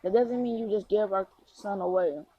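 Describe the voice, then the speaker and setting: A woman's voice: medium pitch, moderate pace, muffled recording, background noise, lightly acted. A woman voicing an indignant young mother in a fan story, in close to her own voice.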